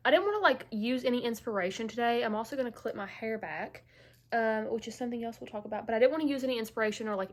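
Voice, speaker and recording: A woman beauty vlogger chatting casually through a makeup tutorial, stuffy and a bit out of breath from allergies, full of "like" and "um". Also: fairly high pitch. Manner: chatty, filler-heavy, lots of "like" and "um".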